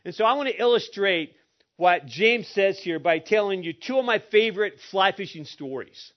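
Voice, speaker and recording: A man's voice: high-pitched, animated, normal speed. Casual: pastor guy cracking stories in his sermon, kinda muffled lo-fi sound. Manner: humorous storytelling. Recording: muffled lo-fi recording.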